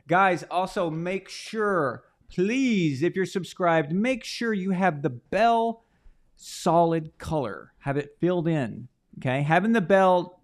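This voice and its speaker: A man hosting a live sports watch stream, talking casually to his chat and often restarting sentences. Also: fairly high pitch. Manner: chatty, rambling with frequent restarts.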